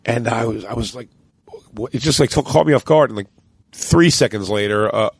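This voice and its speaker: A man's voice: medium pitch, fairly quick, creaky, breathy edge, no echo. Profane man telling a story. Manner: animated, profane, acts out quotes. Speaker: podcast co-host. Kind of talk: casual storytelling chat. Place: cruise ship.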